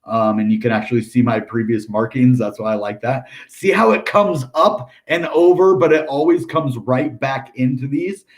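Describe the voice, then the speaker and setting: An American crypto channel host with a medium-pitched, expressive voice talks at normal speed with hardly any pauses. He breezes through price charts on a casual livestream, chatty and upbeat, leaning on ums, "dude," and happy asides.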